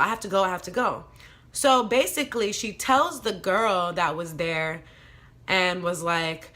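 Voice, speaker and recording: Candid young woman with a bright voice. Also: medium pitch. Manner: candid, blunt, swears, frequent fillers. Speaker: vlogger telling a personal story. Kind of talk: casual storytime monologue.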